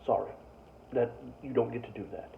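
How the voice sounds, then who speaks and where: A young man rants in exasperated disbelief, spinning casual comic stories. His voice sits at an ordinary middle pitch. The recording is distant and muffled, with a faint ambient hiss behind him. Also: fairly even intonation, fairly quick. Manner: exasperated, ranting. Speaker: stand-up comedian. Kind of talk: casual comedic storytelling. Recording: distant mic, dull lo-fi sound, faint ambient noise.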